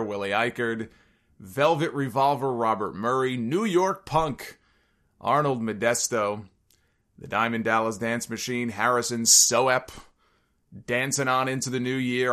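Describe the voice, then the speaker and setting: Joking male wrestling podcast host. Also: fairly bright tone. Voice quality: sometimes gravelly low notes. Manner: jokey wrestling-fan banter, rattles off listener names. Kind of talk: casual podcast monologue with sponsor reads.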